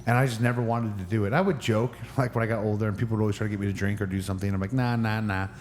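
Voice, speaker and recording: Fast-talking man with an injured knee. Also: lowish voice, steady tone, darkish tone, slight background noise. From Northern California. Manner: rambling storyteller with many restarts. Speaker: professional wrestler guest. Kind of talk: casual podcast interview.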